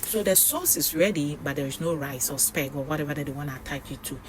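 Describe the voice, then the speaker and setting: A woman's voice: deep voice, fast, a little hiss or hum. A woman recapping a reality show in casual, chatty storytelling, with frequent fillers.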